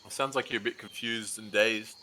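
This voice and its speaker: A man's voice: fairly quick, a little hiss or hum. A man voicing his character in a tabletop game, stammering and playful. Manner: stammering, playful, jumps into high excited pitch. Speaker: player.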